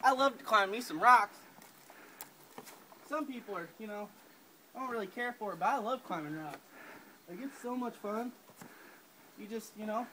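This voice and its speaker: A man's voice: high-pitched, sharp tone. Young man, mock nature guide, rambling fake-expert delivery, recorded outdoors on a noisy camera mic. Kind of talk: goofy deadpan nature-show parody. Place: outdoors in woods and rocky creek bed. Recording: outdoor camera audio with noise.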